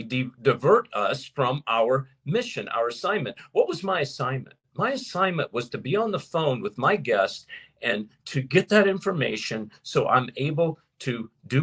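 A man preaching and teaching to his viewers as host of his show, emphatic, slowing down to stress points. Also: medium pitch, breathy edge. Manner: animated and emphatic, slows down to stress key points. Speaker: preacher hosting a live show. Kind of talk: sermon-style teaching to a live audience.

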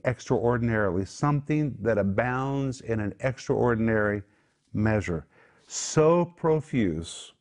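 Male pastor, low voice, emphatic sermon-style teaching. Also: darkish tone. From United States. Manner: emphatic, rises sharply on key words.

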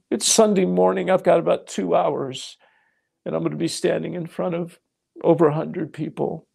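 A man's voice: sits high, steady tone, normal speed, vocal fry, dark tone, husky. A middle-aged man preaching a sermon, telling a personal story and acting out his dialogue with God, addressing listeners as folks. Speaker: pastor.

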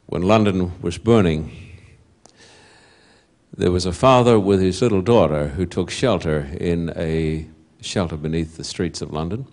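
A man preaching a sermon to a congregation, telling a story slowly and deliberately, dropping to a hushed voice at quiet moments. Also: low voice.

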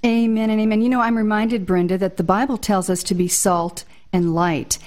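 A woman's voice: mid-range voice, steady tone, moderate pace, a little mellow. A woman hosting a Christian interview, affirming her guest and speaking in faith phrases. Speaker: host.

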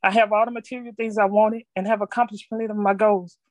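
A middle-aged woman reading a personal reflection aloud to a group, earnest and measured, stumbling now and then. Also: medium pitch, little pitch movement, dry recording. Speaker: speaker sharing her story.

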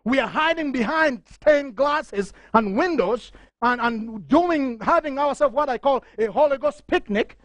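A middle-aged man preaching a fervent sermon, reading scripture aloud and rising to near shouting. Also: extremely high pitch, expressive, unhurried, dry recording. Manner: reads scripture passages aloud.

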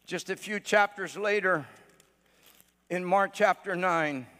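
A male pastor preaching a sermon, swinging between shouted declarations and hushed storytelling, with many "uh" fillers between phrases. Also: sits high, slow. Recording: long church hall reverb.

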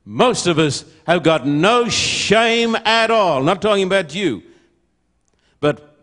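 A man's voice: on the high side, measured pace, fairly bright tone. An older man preaching a sermon to an audience, emphatic and full of rhetorical questions.

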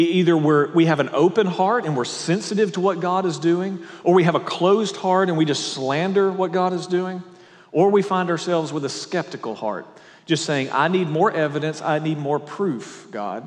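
A man's voice: fairly high pitch, long reverb tail. A male pastor preaching a sermon, walking through scripture verse by verse with conversational asides to his listeners.

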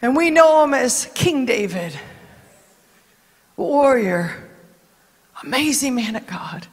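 A woman preacher giving a dramatic sermon that rises to shouts. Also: high voice, expressive, slow, breathy edge. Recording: long reverb in a large hall.

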